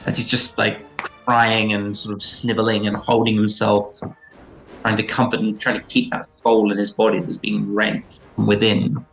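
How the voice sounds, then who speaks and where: A man narrating as game master of a tabletop game, halting with many fillers and restarts. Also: fairly low pitch, little pitch movement, vocal fry, fairly bright tone, poor audio. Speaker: dungeon master. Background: faint background music.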